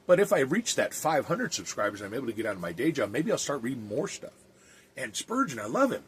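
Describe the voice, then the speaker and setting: A man's voice: mid-range voice, very animated, fast talker, a little hiss or hum. A man who is an evangelist and podcast host, talking earnestly and plainly with some restarts and reading aloud.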